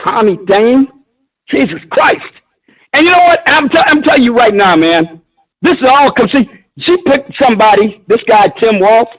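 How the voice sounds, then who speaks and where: A man's voice: very high-pitched, expressive, normal speed, low-quality recording. A man calling in to a talk show, arguing bluntly and combatively with frequent swearing. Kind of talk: heated call-in argument.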